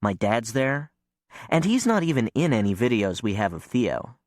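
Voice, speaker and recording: A man reading a novel aloud as first-person audiobook narration, calm and even. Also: medium pitch, normal speed, dry recording, clean studio sound.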